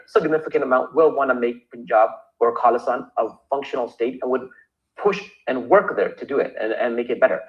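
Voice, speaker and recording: A man from Canada, a lawyer talking as a podcast guest, animated and acting out the voices he quotes, often restarting his sentences. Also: mid-range voice, muffled recording. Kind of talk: podcast interview conversation.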